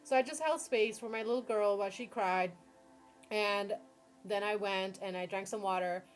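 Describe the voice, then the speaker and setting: A woman giving a tarot reading on a live stream, expressive, swearing freely and acting out her own dialogue. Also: medium pitch, normal speed, soft background music. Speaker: tarot reader. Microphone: phone or computer mic on a live stream.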